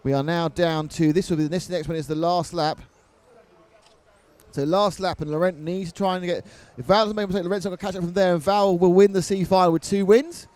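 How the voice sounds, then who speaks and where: A man's voice: sits high, fairly even intonation, fairly quick, a little mellow. A man commentating live on a model car race, mixing race calls with jokey banter.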